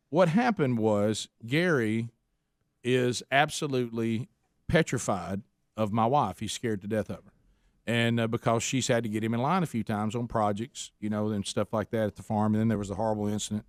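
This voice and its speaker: A man's voice: medium pitch, normal speed, dry recording, studio quality. A man hosting a radio show, telling a long story in a casual, rambling way with many restarts.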